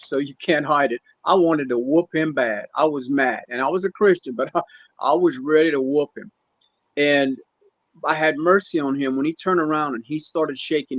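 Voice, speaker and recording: A man's voice: a little high, a bit bright, no echo. Man telling a story, muffled. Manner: emotional, halting retelling with restarts. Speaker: guest. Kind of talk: casual storytelling. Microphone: remote stream call.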